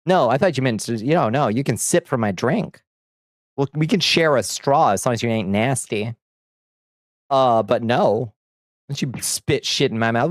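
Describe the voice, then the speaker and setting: Man, livestream chat, reads comments aloud, blunt profane jokes, laughs a lot, average pitch, dry sound. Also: lively intonation, moderate pace, dry recording. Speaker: streamer.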